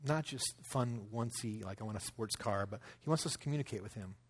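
A man's voice: fairly low pitch, a little fast, slightly rough. A man in his thirties telling a personal story in a conversational sermon, acting out quotes as he goes. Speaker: pastor.

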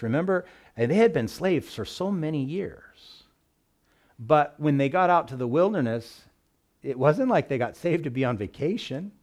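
Male pastor, mid-pitched, plainspoken, casual sermon delivery. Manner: relaxed, folksy, speaks with everyday work analogies. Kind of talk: conversational sermon.

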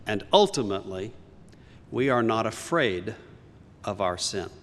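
A man's voice: on the low side, very animated, a little slow, long reverb tail. A man preaching a sermon as pastor, earnest and emphatic, rising on key lines.

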